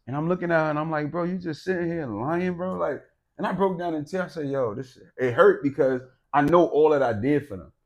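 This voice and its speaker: A man telling a personal story in casual chat, animated, swearing and laughing, swinging from loud outbursts to low, quiet stretches. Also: a little fast. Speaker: podcast co-host.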